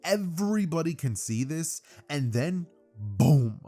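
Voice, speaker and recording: Young man, casual fan-story narration, rambling, filler-heavy, mid pitch. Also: expressive, moderate pace, darkish tone. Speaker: YouTube storyteller.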